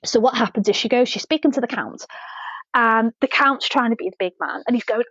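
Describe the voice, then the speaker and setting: A woman's voice: fairly high pitch, fairly quick, a bit bright, husky, dry recording. A woman, a podcast guest telling a story casually, swearing freely and laughing as she goes. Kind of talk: casual anecdote in an interview. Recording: slightly dull, dry podcast audio.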